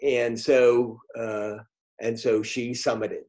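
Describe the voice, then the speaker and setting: A middle-aged man telling a story on a video call, halting, with many ums and restarts. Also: mid-range voice, level tone, a little mellow. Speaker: guest speaker. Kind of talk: storytelling talk in a virtual meeting.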